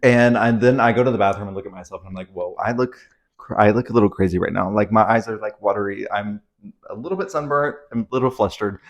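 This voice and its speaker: A young man talks into his camera at home, rambling and anxious as he tells his viewers a story. His voice sits a little low, and the swearing comes out casually. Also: fast. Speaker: vlogger. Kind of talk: casual confessional vlog. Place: at home indoors.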